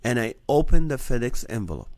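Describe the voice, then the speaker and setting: A man's voice: mid-range voice, sing-song, brisk, darkish tone, no room sound. A man hosting his own live show, telling a personal story with earnest energy and acting out the dialogue. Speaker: comedian hosting a nightly live stream. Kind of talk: storytelling testimony to a live audience.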